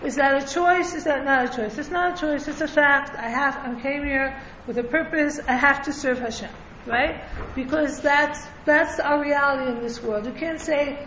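In an echoey, lo-fi room recording, a Torah teacher speaks to listeners present with her, keeping things conversational, chuckling between points and often asking "right?" Her high-pitched, slightly bright voice moves at a moderate pace with hardly any pauses, over slight background noise.

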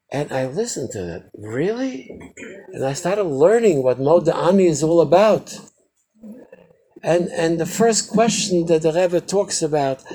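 An older man giving an informal Chassidic teaching to a small group, telling stories animatedly and swinging from loud exclamations to quiet asides. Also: gravelly, a little hiss or hum, rough recording. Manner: animated storyteller, quick shifts from loud exclamations to low asides.

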